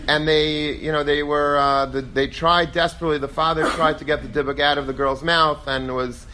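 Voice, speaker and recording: Male rabbi, lively Torah class, high voice, mimics quoted speakers. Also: normal speed, slight background noise. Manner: animated, acts out quoted voices; lively storytelling, peppered with Hebrew and Yiddish terms.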